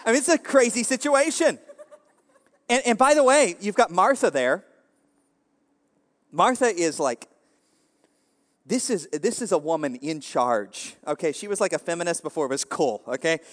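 A man's voice: sits high, expressive, moderate pace, long pauses, big-room sound. A man preaching a casual, joking sermon, rambling with constant fillers and asides to the crowd. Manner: rambling, jokey, full of "you know" fillers.

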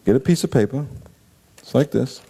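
A man preaching a sermon, animated and acting out scenes and quoted voices for the congregation. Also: medium pitch, moderate pace, vocal fry, husky. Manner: animated, acts out stories and quotes. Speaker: pastor.

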